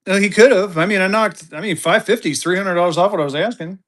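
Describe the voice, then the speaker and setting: A live online auction seller doing fast sales patter, repeating phrases and getting excitable as bids come in. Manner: excitable, voice jumps high when bidding heats up; rapid hype with repeated phrases.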